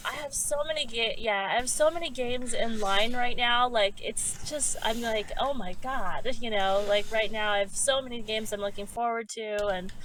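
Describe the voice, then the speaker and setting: High-pitched American woman, flustered. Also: moderate pace, few pauses, fairly bright tone, slight background noise. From United States. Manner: flustered, giggly. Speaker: podcast guest. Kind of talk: casual chat.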